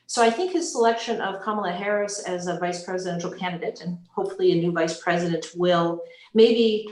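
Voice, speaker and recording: A woman speaking as a panelist in a recorded panel discussion, earnest and measured, often restarting her sentences. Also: lowish voice, darkish tone, reverberant, poor audio.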